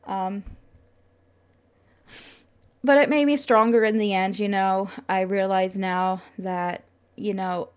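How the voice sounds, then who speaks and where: A woman's voice: mid-range voice, steady tone, slow pace, long pauses, clean tone. Chatty earnest young woman vlogging. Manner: chatty and earnest, many fillers, laughs through. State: tearful at times. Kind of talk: casual talk to camera.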